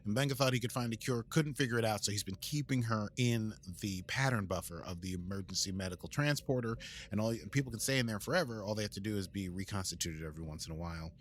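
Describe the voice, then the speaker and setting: This is an American man with a fairly low voice, co-hosting a podcast. He recaps an episode in a casual, rambling way. He restarts often and keeps slipping jokes in. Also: quick pace. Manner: rambling and jokey, with many fillers and restarts. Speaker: podcast co-host.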